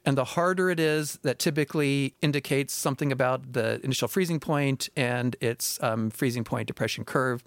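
A man's voice: mid-range voice, moderate pace, hardly any pauses, dry recording. A middle-aged man, a food science professor, answering callers on a radio show with many restarts and fillers.

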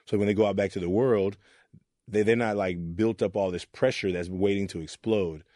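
Man, low and warm, earnest interview storyteller; quotes people in little voices. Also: steady tone, moderate pace, no echo, clean studio sound. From Oakland, California. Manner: earnest, acts out voices in his stories. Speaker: youth mentor.

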